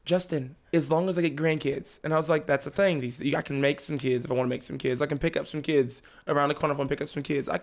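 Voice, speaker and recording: A young man chats casually as a podcast guest, telling a story about his family with plenty of laughter. His voice sits a bit high and has a gravelly rasp. He often slips into the voices of his relatives as he tells it. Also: fairly even intonation, fast, hardly any pauses.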